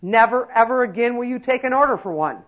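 A woman's voice: on the high side, expressive, quick pace, muffled recording. A woman giving a lecture to nursing-home staff, emphatic and conversational, with many rhetorical questions. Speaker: elder-care trainer.

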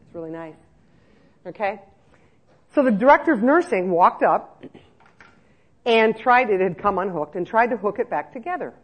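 A middle-aged woman giving a lively conference talk to care staff, telling stories and checking in with her listeners. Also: medium pitch, moderate pace, long pauses, slightly rough. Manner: lively storyteller, checks in with "okay?" often. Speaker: speaker on nursing home care. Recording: muffled lo-fi recording.

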